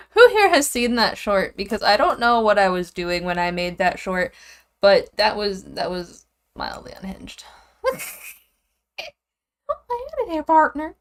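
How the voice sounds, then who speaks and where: A young woman chatting casually and giggling as she draws, rambling and often trailing off quietly. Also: mid-range voice, animated, a little slow, clean tone. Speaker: streamer drawing goose characters. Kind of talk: casual chat while drawing.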